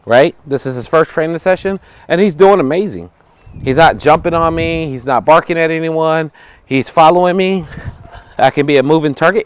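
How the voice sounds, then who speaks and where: Male dog trainer, higher-pitched, instructional; plain step-by-step explanation with short commands to the dog, outdoors. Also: fairly quick, clean tone, no echo. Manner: explains step by step, tags lines with "right?" and "okay?".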